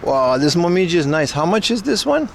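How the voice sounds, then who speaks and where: A man's voice: a little high, big pitch swings, brisk, vocal fry, slight background noise. A man chatting casually with his livestream viewers outdoors, rambling and joking playfully as he browses plants. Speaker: IRL livestreamer. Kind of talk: casual live-stream chat with viewers.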